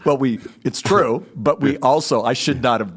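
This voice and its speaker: A middle-aged man, a guest on a marriage podcast, telling stories in an animated, self-deprecating way. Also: mid-range voice, moderate pace, husky. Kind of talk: storytelling in a podcast conversation.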